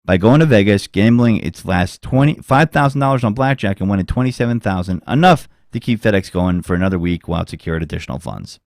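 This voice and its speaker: A man's voice: on the low side, lively intonation, fast talker, hardly any pauses, darkish tone, no echo, studio quality. A man hosting a casual podcast, rambling and cursing freely as he tells stories. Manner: rambling, swears freely, does mocking voices. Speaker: podcast host.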